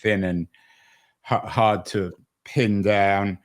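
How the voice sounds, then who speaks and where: A man hosting a podcast interview, making wry remarks in a halting way with restarts. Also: fairly low pitch, steady tone. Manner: wry, hesitant, many fillers and restarts. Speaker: podcast host. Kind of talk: conversational interview.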